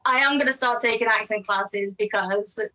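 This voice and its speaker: An actress with an English accent chatting as a guest, talking quickly and laughing often. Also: female voice, medium pitch, sharp tone, low-quality recording. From England. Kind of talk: casual interview chat.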